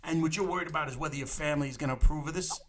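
A man's voice: fairly high pitch, rapid-fire, background noise. A man hosting a crude comic call-in chat, rambling and profane, often laughing at his own jokes. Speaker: host of a live advice stream.

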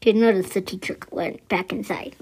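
A woman improvising a spoken story, with halting delivery and frequent restarts. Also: medium pitch, steady tone, gravelly, breathy edge. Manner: halting, with many restarts and soft asides.

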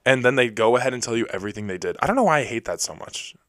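A young man hosting a podcast alone, telling stories in a rapid, rambling, self-deprecating way. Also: mid-range voice, animated, a bit bright, dry recording. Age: young adult. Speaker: podcast host. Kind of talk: casual solo storytelling. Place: recording alone.

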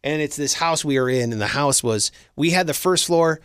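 A young American man telling a story in casual chat, acting out quoted shouts with a lot of energy. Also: a little high, normal speed, clear, resonant tone, no echo, studio quality. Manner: animated, shouts out quoted lines in a loud put-on voice.

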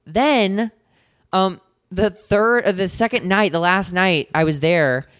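A man co-hosting a casual chat, telling a story in an animated, dramatic way and acting out quoted lines. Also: sits high, slow, no echo, studio quality.

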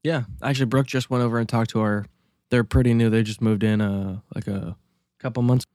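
A man's voice: medium pitch, fairly even intonation, fairly quick, darkish tone, no room sound, clean studio sound. A man co-hosting a casual podcast, telling rambling stories full of restarts and swearing. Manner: rambling, profane, storytelling with many restarts. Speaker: podcast co-host.

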